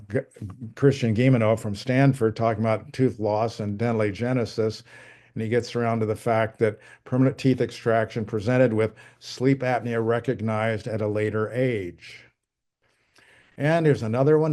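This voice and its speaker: Older guy giving a talk off his slides, mellow voice, keeps restarting mid-sentence. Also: medium pitch. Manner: conversational lecturing with restarts, reading quotes from slides. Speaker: guest speaker presenting to dentists. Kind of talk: lecture presentation with slides.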